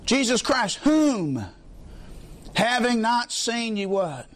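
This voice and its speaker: A preacher with a high voice for a man delivers a folksy sermon, dropping "amen" after nearly every thought and drawing answers from the pews. His delivery climbs into shouted peaks, with a faint hum of noise behind him. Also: big pitch swings, slow. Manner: colloquial, peppers lines with "amen", swells into shouts. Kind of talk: sermon with congregation call-and-response.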